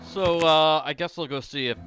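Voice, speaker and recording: A man's voice: on the high side, steady tone, normal speed, music in the background. A man hosting a let's-play, giving casual, wry commentary with joking asides to the viewer.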